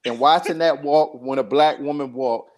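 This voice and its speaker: A man co-hosting a podcast, telling dating stories in a rambling, profane, animated way. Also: fairly high pitch, moderate pace. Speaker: podcast co-host. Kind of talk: casual chat, storytelling.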